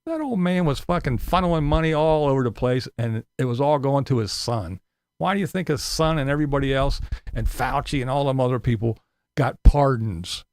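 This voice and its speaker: Gravelly, animated ranting man. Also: mid-range voice, a little fast, no echo, clean studio sound. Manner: profane, sarcastic, mocking mimicry. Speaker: live streamer. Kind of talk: casual livestream rant.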